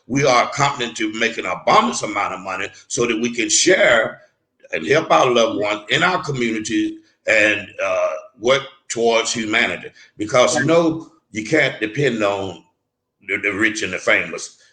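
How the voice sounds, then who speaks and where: Low, bright-voiced man in an echoey room. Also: lively intonation, normal speed. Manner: earnest, emphatic, with restarts and repeats. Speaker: guest mentor.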